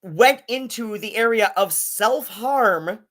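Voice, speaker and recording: A man's voice: high voice, animated, takes it slowly, a bit bright. A man hosting a casual live-stream commentary, rambling and swearing, with many fillers and restarts.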